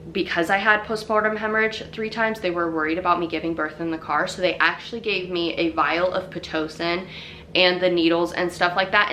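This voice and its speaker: A young woman talks straight to her audience in a chatty, rambling way, scattering fillers as she goes. Her voice sits a little low and has a bright, forceful edge, with a faint hiss of noise underneath. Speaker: vlogger telling her birth story. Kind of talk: casual storytelling to camera.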